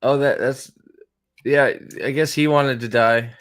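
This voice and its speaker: A man's voice: mid-range voice, steady tone, measured pace, fairly bright tone. A young man hosting a show review, giving profane, exasperated, sarcastic reaction commentary as he watches an episode.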